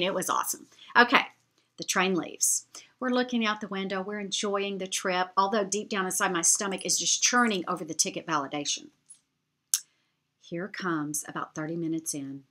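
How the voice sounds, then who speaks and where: A woman telling a travel story to her viewers in a chatty, animated way. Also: medium pitch. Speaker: vlogger. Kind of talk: storytelling travel anecdote to camera.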